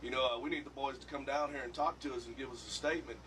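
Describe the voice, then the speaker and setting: A man's voice: mid-range voice, steady tone, racing, background noise. A man telling a rambling, profane anecdote and acting out other people's lines in a played clip. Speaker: musician telling a story. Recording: distant mic with loud background ambience.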